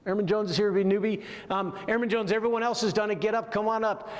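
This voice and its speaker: A man voicing a brisk male master sergeant who loudly and jokingly greets a newcomer. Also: sits high, level tone, big-room sound, lightly acted. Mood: teasing.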